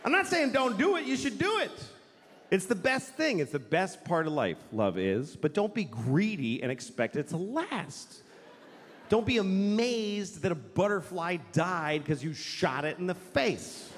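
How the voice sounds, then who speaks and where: Blunt profane stand-up comic in a hall. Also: male voice, high voice, big pitch swings, measured pace, some chatter behind, slight background noise. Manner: swinging into mocking voices for the people he quotes. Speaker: stand-up comedian. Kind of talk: stand-up comedy routine. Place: large hall with an audience.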